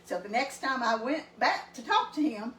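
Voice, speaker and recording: East texas lady with a higher voice rambling thru an old family story, echoey room, mic kinda far off. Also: lively intonation, normal speed, a bit bright. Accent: East Texas Southern. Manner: rambling, folksy, laughs while telling stories. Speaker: cooking show co-host. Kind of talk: casual storytelling. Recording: echoey room, mic at a distance, faint noise.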